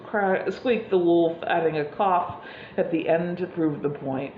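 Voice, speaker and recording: A woman's voice: deep voice, fairly even intonation, moderate pace. Lady preacher reading a story to the church, roomy and kinda muffled, faint hum. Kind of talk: sermon storytelling. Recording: echoey room, slightly dull sound.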